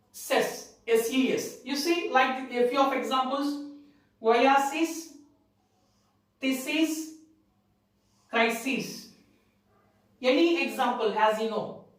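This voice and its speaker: A woman with an Indian English accent teaching English grammar, repeating each word and spelling it out letter by letter. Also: high-pitched. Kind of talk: spelling out plural forms in a lesson. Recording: very echoey room, distant from the mic.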